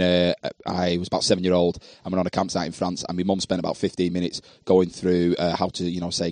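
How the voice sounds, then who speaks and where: A male stand-up comedian being interviewed, rattling along quickly with frequent hesitant fillers. His voice is very low, and the sound is close and dry. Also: darkish tone, no echo. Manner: quick, hesitant, many uhs and ums.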